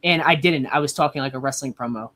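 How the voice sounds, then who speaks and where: A man's voice: medium pitch, fast talker, pushed and bright. A young man in his twenties, a wrestler guest telling a casual story, rambling with lots of "like". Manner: rambling, heavy use of "like".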